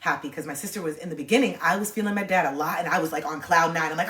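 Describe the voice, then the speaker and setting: A woman's voice: lowish voice, fast, few pauses, fairly bright tone, far from the mic. A woman hosting a casual livestream, rambling and confiding, full of "like" fillers. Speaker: livestream host. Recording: echoey room, voice a bit off-mic.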